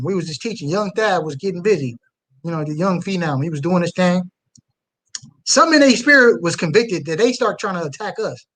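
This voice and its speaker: A young man preaching on the street and reacting live to a video, fiery, swinging from low mutters to loud outbursts.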